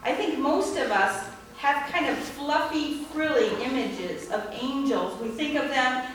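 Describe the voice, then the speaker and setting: A woman priest delivers a sermon in a measured, gently wry way. Her voice sits high, and it carries from some distance through a very echoey church, with a faint hiss behind it.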